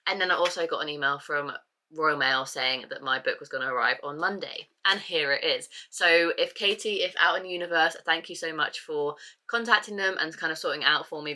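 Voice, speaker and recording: Bright-voiced excitable woman vlogging. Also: sits low, slight background noise. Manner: gushing, excitable, chatty. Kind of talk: casual vlog chat to camera.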